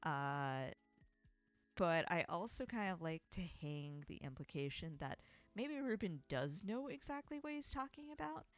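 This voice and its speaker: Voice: mid-range voice, highs cut off. A stream host chatting casually about their own writing, rambling and correcting themselves as they go, often laughing. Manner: rambling, self-correcting, with frequent fillers and laughs.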